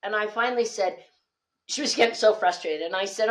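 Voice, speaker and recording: A woman speaking coach, a guest on a podcast, telling animated stories and acting out the dialogue. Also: medium pitch, a little fast. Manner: animated storyteller, acts out quoted dialogue. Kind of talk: lively podcast conversation.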